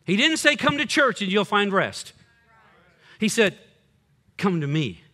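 An older man, a pastor preaching a sermon, swinging between loud punchy lines and quiet low drops. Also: very animated, a little slow.

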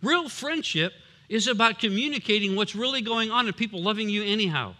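A man's voice: sits high, animated, a little fast, bright, forceful tone. A man preaching a sermon as a pastor, emphatic and punchy, with humorous asides.

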